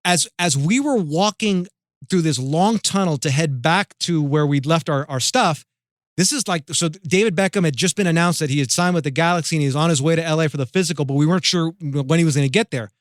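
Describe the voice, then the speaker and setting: A man with a slightly raised voice tells a story with animated, stop-and-start energy. The mic is close and dry, with no room around him. He talks like a guest in a relaxed chat. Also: on the high side, a little fast, no echo. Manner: animated storyteller with many restarts. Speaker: guest radio host.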